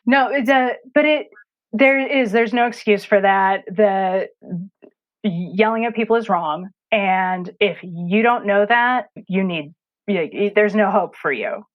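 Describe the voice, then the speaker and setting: A frank, animated woman in her thirties speaks as a podcast guest, with a mid-range voice and quick laughs. The sound is a bit dull and lo-fi, as from a remote call mic. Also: medium pitch. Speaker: burnout coach, podcast guest. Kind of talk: casual interview chat.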